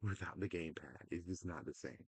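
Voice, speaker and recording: Casual gaming ranter, male, deep and dry-sounding, profane and exasperated. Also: brisk, slightly rough, dry recording. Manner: exasperated, profane, mocking voices; swings between loud outbursts and muttering. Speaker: gaming commentator. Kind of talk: casual rant to camera.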